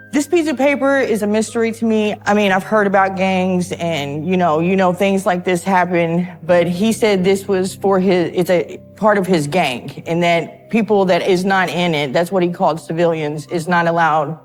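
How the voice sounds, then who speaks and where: A nervous woman speaks haltingly in an interview, often repeating her words as she tells her account. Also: lowish voice, fairly even intonation, faint music behind. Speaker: interviewee in a true crime documentary. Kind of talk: emotional interview testimony.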